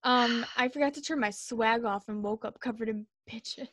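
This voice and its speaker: Deadpan young woman podcast co-host, dry mic. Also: on the high side, normal speed, no echo. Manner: reads definitions aloud in a dry deadpan, then jokes. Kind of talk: casual podcast chat, reading slang definitions.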